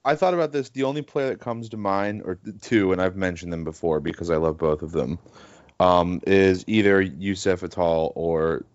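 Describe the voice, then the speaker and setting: A man's voice: low voice, steady tone, normal speed, lo-fi sound. A man co-hosting a casual sports podcast, talking in a rambling, hesitant way with many fillers. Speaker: podcast co-host.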